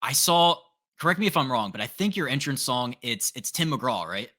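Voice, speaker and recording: A man's voice: medium pitch, animated, normal speed, bright, forceful tone. A man hosting a podcast, asking easygoing, chatty questions in a casual interview. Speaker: podcast host.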